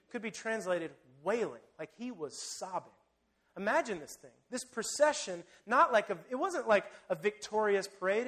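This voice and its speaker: A man preaching a sermon, telling the story vividly and swinging between loud emphasis and hushed, quiet lines. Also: sits high. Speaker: pastor.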